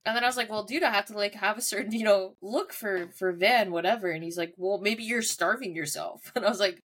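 A woman's voice: mid-range voice, fairly even intonation, fast, fairly bright tone, husky. A woman co-hosting a podcast, telling a story in casual chat and laughing often as she talks. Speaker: podcast co-host.

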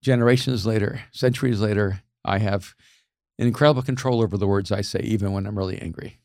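A middle-aged man in a casual conversation, animated, laughing often and repeating words as he starts sentences. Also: lowish voice, quick pace, no echo, studio quality.

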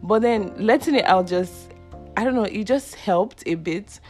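A woman's voice: medium pitch, unhurried, faint music behind. A young woman, hosting a podcast and telling a personal story casually, laughing often. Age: 20s. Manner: chatty, laughs often, acts out quoted voices. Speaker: podcast host.

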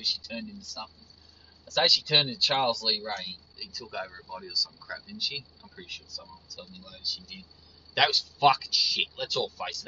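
A man's voice: on the low side, sharp tone, highs cut off, slight background noise. A man ranting casually as a frustrated horror fan, swearing often and repeating his points. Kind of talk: casual profane rant.

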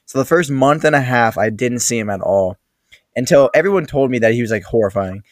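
A man's voice: mid-range voice, lively intonation, fairly quick, no echo. Young male host, dry close sound, sweary storyteller. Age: young adult. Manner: swearing, acts out the other people in his stories. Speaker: podcast host. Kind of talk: casual storytelling chat.

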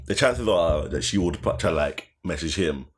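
A man's voice: low voice, expressive, moderate pace. A young man, teasing and quizzing his friend in casual chat, laughing along.

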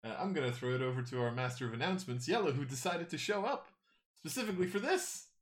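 A man's voice: a little high, expressive, fast. A man hosting a weekly tabletop game stream as game master, laughing often and swearing casually between bits of narration.

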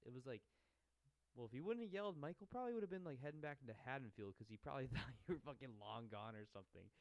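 A young man with a medium-pitched voice co-hosts a casual movie recap at a quick pace. He swears freely and animatedly acts out lines from the film, shouting mock quotes.

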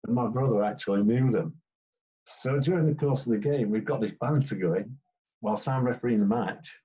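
A man's voice: mid-range voice, moderate pace, mellow. An older English man, a former football referee, chatting through anecdotes and acting out what players said. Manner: chatty storyteller, acts out quoted players. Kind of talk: interview anecdotes. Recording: dull lo-fi recording.

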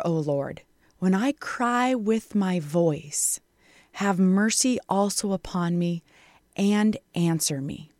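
A woman's voice: mid-range voice, no room sound. Fervent woman radio preacher, dry sound. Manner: earnest, fervent, slows to a hush when reading scripture. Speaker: radio show host and Bible teacher. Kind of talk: radio sermon.

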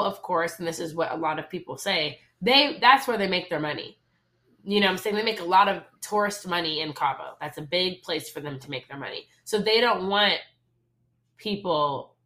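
A young woman co-hosting a podcast, telling a personal story in casual, animated chat. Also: on the low side. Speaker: podcast co-host.

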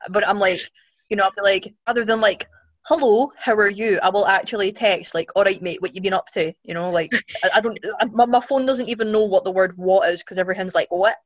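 A woman's voice: medium pitch, fairly quick, no echo, dull audio. A young woman with a Scottish accent, chatting casually as a guest, rambling with many restarts. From Scotland. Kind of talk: casual chat.

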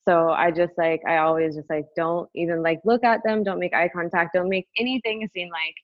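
A woman's voice: on the low side, fairly quick, no echo, dull audio. Chatty woman telling a wild story. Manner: animated, swearing, lots of "like" fillers. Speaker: guest telling a personal story. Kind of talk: casual storytelling.

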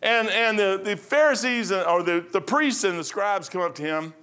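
A man's voice: sits high, moderate pace, pushed and bright, clean tone. A middle-aged male pastor preaching a sermon in a rambling, folksy storytelling way, with frequent restarts.

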